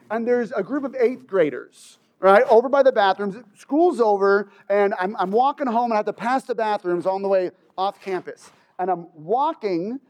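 Male storyteller with a high voice. Animated and conversational, keeps asking "right?". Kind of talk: personal storytelling.

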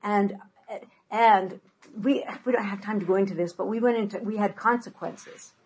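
An older woman leads a parenting workshop, her voice soft and a little breathy. She tells stories with energy and slips into quoted voices as she goes. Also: mid-range voice, normal speed, low-quality recording. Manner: animated storyteller, acts out quoted voices. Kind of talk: workshop talk with anecdotes.

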